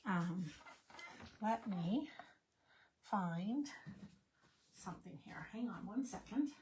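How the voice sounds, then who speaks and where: A woman's voice: mid-range voice, a little hiss or hum. Rambling woman crafting on a livestream. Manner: meandering, thinking aloud with fillers and restarts. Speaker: card-making host on a livestream. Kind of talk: casual crafting livestream chat.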